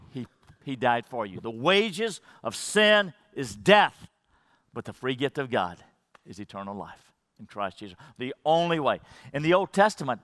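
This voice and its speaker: Male pastor, sermon delivery, fairly high and bright voice, dry close sound, shifts from fervent to hushed, repeats for emphasis. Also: no echo. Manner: swings from fervent rising emphasis to hushed low drops.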